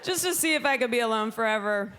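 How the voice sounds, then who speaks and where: High-voiced woman doing dry stand-up. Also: animated, fast, a crowd in the background, background noise. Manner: dry delivery that jumps into shrill, loud put-on voices. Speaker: stand-up comedian. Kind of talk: stand-up comedy set. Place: comedy club stage with a laughing audience.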